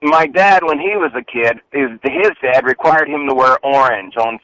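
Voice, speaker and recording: A man calling in to a talk show, telling a story in an aggrieved, animated way. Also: medium pitch, normal speed, no echo, poor audio. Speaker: caller. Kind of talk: casual chat on a call-in show.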